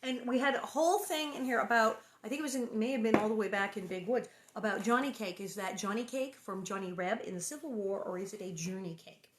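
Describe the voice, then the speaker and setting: A woman's voice: mid-range voice, a little fast, hardly any pauses, a little hiss or hum. A woman reading a children's novel aloud to viewers, breaking off for playful, chatty asides and answering comments. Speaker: reader hosting a book reading stream.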